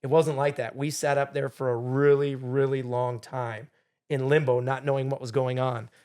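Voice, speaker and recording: A middle-aged man telling a story as a podcast guest, animated, acting out what people said. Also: medium pitch, normal speed. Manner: animated storyteller, acts out quotes loudly. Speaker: game show contestant guest.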